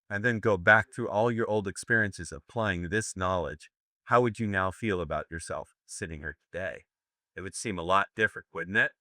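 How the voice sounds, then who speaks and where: Brash older American man lecturing, bright voice. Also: low voice, normal speed, no echo, studio quality. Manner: brash, profane, joking with the audience. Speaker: seminar instructor. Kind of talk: live seminar lecture.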